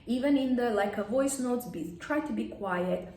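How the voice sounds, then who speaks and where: A woman's voice: on the high side, normal speed, warm tone, reverberant, far from the mic, a little hiss or hum. A woman coaching etiquette in a plain instructive way, stating blunt rules and acting out examples. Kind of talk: advice vlog lesson.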